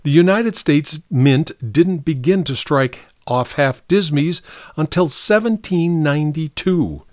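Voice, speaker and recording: An imperious baroness with a clipped, haughty way of speaking, put on by a male narrator. She sits a little higher than the reader's own voice. The recording is close and dry. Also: a little slow, no room sound, close to an everyday voice. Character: aristocratic woman collector, haughty and eager.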